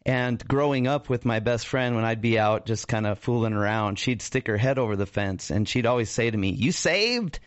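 A man's voice: lowish voice, fairly quick, few pauses, no room sound. A man who is a pastor and radio co-host tells his life story as a guest on a talk show. He laughs easily and puts on voices for the people in his tale. His voice comes through a dull, lo-fi remote line with no room sound. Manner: animated storyteller, acts out voices, laughs often.

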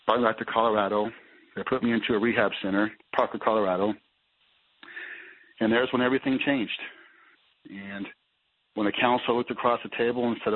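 A man telling his personal recovery story as a guest, in a halting way that repeats words as he restarts. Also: on the low side, fairly even intonation. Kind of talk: personal testimony. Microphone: phone call. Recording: tinny phone line.

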